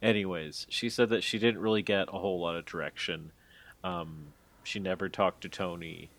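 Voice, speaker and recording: A man's voice: low voice, steady tone, normal speed, a bit bright. A man co-hosting a podcast, recapping a story in a rambling, hedging way with lots of fillers. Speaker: podcast co-host. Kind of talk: casual podcast chat.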